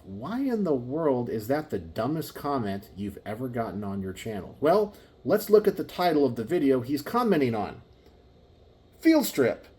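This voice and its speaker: A man's voice: medium pitch, a little mellow. Exasperated man ranting in his garage. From Texas. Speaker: gun channel host. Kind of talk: casual talk to camera. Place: home garage.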